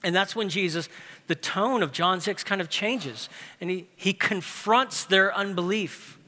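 Bright-voiced man preaching in a reverberant hall. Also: high-pitched, measured pace. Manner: lively, conversational, uses humor and pop-culture stories. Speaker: pastor. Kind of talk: sermon.

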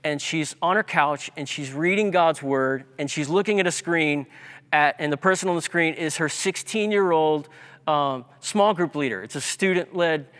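A man's voice: a little high, moderate pace, fairly bright tone. A man preaching a sermon as pastor, emphatic and repeating key words for effect. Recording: long hall reverb.

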